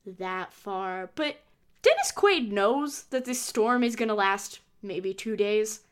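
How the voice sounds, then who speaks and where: A woman co-hosting a podcast, chatting casually about a movie with quick agreement and joking asides. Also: medium pitch, expressive, clear, resonant tone. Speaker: podcast co-host.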